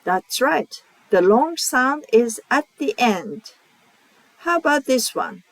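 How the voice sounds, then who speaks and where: A woman with a Japanese accent teaching pronunciation, repeating each example word slowly and carefully. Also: on the high side, expressive, no room sound, poor audio. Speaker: language teacher. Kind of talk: slow, clear pronunciation lesson.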